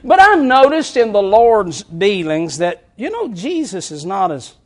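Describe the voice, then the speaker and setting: A man's voice: high voice, big pitch swings, a little slow. A male pastor preaching a sermon in a frank, folksy way, with chuckling asides.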